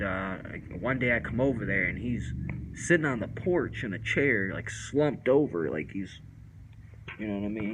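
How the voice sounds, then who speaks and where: A man's voice: lowish voice, a bit bright, slight background noise, low-quality recording. A man casually telling a first-person story in loose, rambling street slang with lots of fillers.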